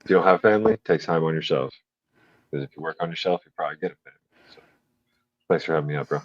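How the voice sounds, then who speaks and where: A man's voice: extremely low pitch, rapid-fire, no room sound, lo-fi sound. A man talking as a panel guest, giving laid-back, meandering, brotherly advice in casual chat.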